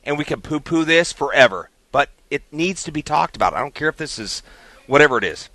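A man co-hosting a sports radio show, excitable and playful, firing off questions to his partner. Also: a little high, brisk, dry recording. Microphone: studio mic.

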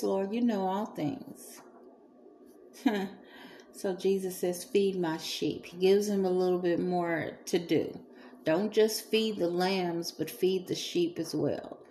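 A woman preaching a sermon in a slow, earnest way, with soft pauses and fillers. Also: medium pitch, slight background noise.

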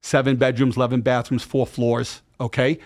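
A middle-aged man telling a personal story in a casual interview, emphatic and animated. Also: medium pitch, normal speed. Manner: emphatic, animated retelling with acted quotes and profanity. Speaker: podcast guest.

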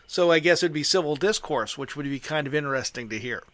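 A man's voice: on the high side, fast, a bit bright, no echo. A man hosting a podcast interview, encouraging his guest and laughing often. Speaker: podcast host. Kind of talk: casual interview chat.

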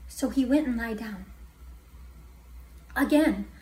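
A woman's voice: a little high, slow, dark tone. A woman preaching a testimony sermon, telling her story dramatically and dropping to a whisper for emphasis. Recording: echoey hall from far off.

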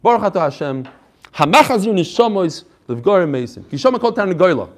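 Man, high voice, Torah teacher, classroom lecture, energetic, explains line by line, quick joking asides. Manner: energetic, explains each phrase right after reading it; chatty asides and jokes.

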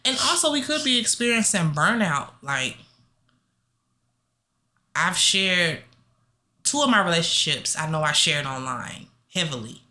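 A young woman co-hosting a podcast, chatting casually in a blunt, profane, animated way. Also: unhurried, pauses often. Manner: blunt, profane and animated, with sudden pitch jumps. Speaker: podcast co-host. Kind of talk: casual chat.

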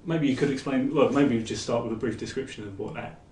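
A man hosting an interview podcast, chatty and brisk, with lots of short acknowledgements. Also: medium pitch, mellow, recorded from a distance. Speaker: podcast host. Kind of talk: casual interview. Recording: echoey room with crowd noise.

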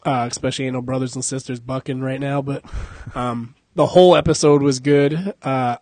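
A man's voice: medium pitch, steady tone, moderate pace, a little mellow, no room sound. A young adult man hosting a casual podcast, joking, cursing and laughing a lot. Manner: profane, joking, laughs often. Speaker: podcast host.

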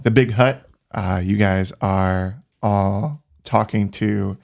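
A man narrating as game master in a casual, halting way with many fillers. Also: on the low side, gravelly, darkish tone.

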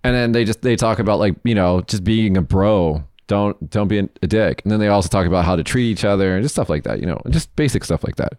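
Man from the States, podcast host, lowish voice, loose rambling chat, dry close sound. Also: animated, fast talker, few pauses, a little mellow, no echo. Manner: loose, rambling, swears casually. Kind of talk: casual news chat.

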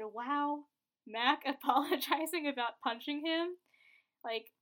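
A woman with a fairly high voice talks through a soap opera episode in a loose, rambling way. She is chatty and casual, leaning on "like" and "I was like" as she goes. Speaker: soap opera recap vlogger.

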